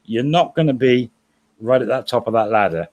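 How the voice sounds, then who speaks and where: A middle-aged man with a voice of ordinary pitch talks through a livestream chat. He rambles through long examples and stops to correct his own words. His tone stays relaxed and conversational. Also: normal speed. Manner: rambling, self-correcting storyteller. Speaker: co-host guest.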